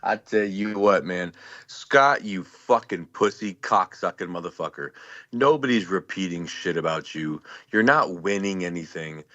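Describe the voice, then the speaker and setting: A man's voice: low-pitched, fairly bright tone, no room sound, lo-fi sound. A man guesting on a live stream, ranting in a furious, threatening tone and swearing constantly. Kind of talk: angry profane rant.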